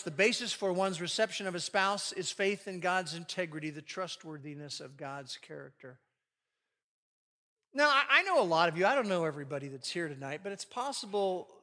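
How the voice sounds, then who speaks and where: A male Bible teacher leads a marriage class before a live audience, teaching in a lively, joking sermon style and reading scripture aloud. His voice is high, bright, and forceful. The large hall adds a long, echoing reverb.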